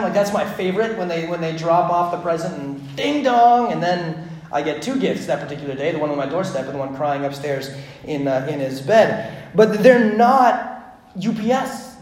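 A man in his thirties preaching a sermon as pastor, moving between hushed reflection and animated storytelling. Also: high voice, echoey room.

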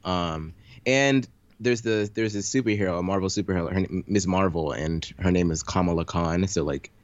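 A man's voice: low voice, fairly quick, no echo, highs cut off. A man co-hosting a podcast, chatting casually about a game show with frequent ums and repeated words. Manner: relaxed, speaks with ums and repeats. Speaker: podcast co-host. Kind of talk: casual podcast recap chat.

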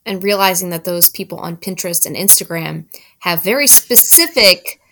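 A blunt woman from Southern New Jersey, co-hosting a casual podcast chat about motherhood. She chimes in with quick agreement and salty, joking remarks. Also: lowish voice, steady tone, a bit bright. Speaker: podcast co-host.

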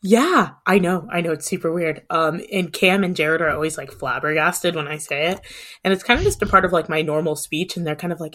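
A woman's voice: on the low side, fairly quick, a bit bright. A woman in her twenties hosting a casual podcast discussion, chatty with many filler words. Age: 20s. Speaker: podcast host.

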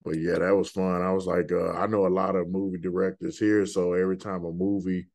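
A man's voice: low voice, level tone, fairly quick, vocal fry, a little mellow. A man in his thirties hosting a podcast, telling stories in a loose, rambling way with lots of fillers. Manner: laid-back, rambling storyteller with many fillers. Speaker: podcast host. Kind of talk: casual interview chat.

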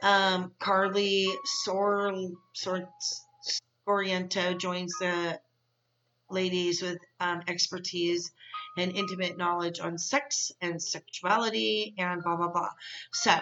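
A woman's voice: on the low side, flat delivery, slow pace, fairly bright tone, lo-fi sound, faint music behind. A woman hosting a casual recap podcast, candid and gossipy, rambling with frank asides. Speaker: podcast host.

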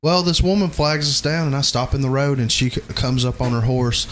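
A man's voice: mid-range voice, moderate pace, hardly any pauses. Man, casual podcast storyteller, crude and laughing, noisy recording. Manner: profane storyteller, laughs often. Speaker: podcast host. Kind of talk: casual crude chat among friends. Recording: noisy background.

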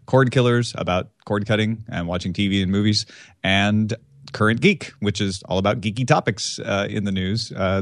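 Lower-voiced man, dry playful guest. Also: dry recording. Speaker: podcaster guest. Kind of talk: casual interview chat.

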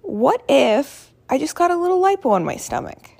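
A woman's voice: high-pitched, sing-song, normal speed, gravelly, a little mellow. A woman, hosting her podcast from home, chatty and self-mocking as she tells stories. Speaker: podcast host. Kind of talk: casual chat. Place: at home, not her usual podcasting room.

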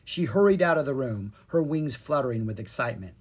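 An expressive storybook narrator reads with a lively, sing-song lilt that rises and falls across each sentence. The voice has a slightly husky grain throughout. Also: medium pitch, brisk. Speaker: audiobook narrator.

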